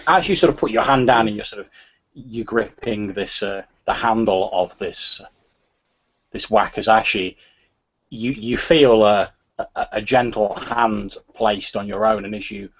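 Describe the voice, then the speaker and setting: A low, husky-voiced man narrates as game master in a tabletop game. He talks in a hesitant way, full of "sort of" fillers. The recording sounds slightly muffled.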